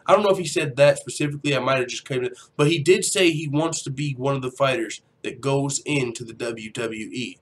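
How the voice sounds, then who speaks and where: A young man with a mid-range voice hosts a casual MMA livestream, talking briskly with hardly any pauses as he reads out chat comments. He grew up in a Mexican neighborhood, and his delivery is rambling, profane and slangy, full of mock voices.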